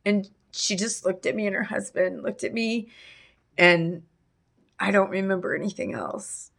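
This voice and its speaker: A middle-aged woman speaks slowly, her voice carrying a gravelly fry as she recounts a loss in an interview. She halts often, restarting phrases and trailing into fillers. Her pitch sits in an ordinary middle range. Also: a bit bright. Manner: halting, with many restarts and fillers. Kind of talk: emotional personal testimony.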